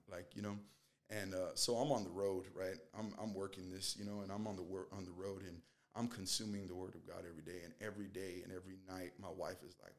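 Earnest rambling man, lowish voice. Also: level tone, quick pace. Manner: rambling, earnest, fills with "you know"; acts out quoted dialogue. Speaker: guest sharing a faith testimony. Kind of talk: casual spoken testimony.

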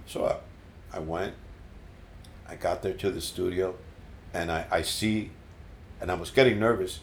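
An older man being interviewed as a musician, telling stories in an animated way and repeating words as he recalls them. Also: sits low, a little slow, pauses often, a little hiss or hum. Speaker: guest musician. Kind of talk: casual storytelling interview. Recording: roomy echo.

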